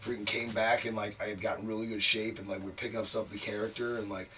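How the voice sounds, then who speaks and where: A man's voice: lowish voice, little pitch movement, fast, bright, forceful tone, distant mic. A man telling a long career story as an interview guest, frank and profane, packing his talk with "like" fillers. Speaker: wrestler guest. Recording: voice a bit off mic, faint noise.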